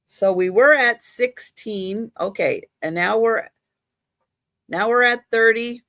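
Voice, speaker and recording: A woman's voice: fairly high pitch, slow pace, fairly bright tone, dry recording, studio quality. A woman hosting a live online auction, chatty and laughing at her own slips. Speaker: live sale host.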